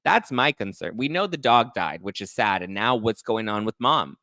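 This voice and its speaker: A man's voice: fairly low pitch, animated, moderate pace, pushed and bright, no echo. A man hosting a reality TV gossip show, reading text messages aloud and adding sassy, sarcastic asides. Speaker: pop culture podcast host.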